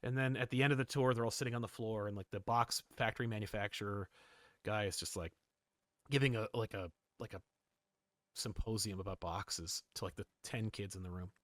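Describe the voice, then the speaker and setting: A man co-hosting a comic book podcast in a casual, animated chat. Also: lowish voice, a little fast, dry recording, studio quality. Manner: animated, jumps into quoted voices and laughs. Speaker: podcast co-host.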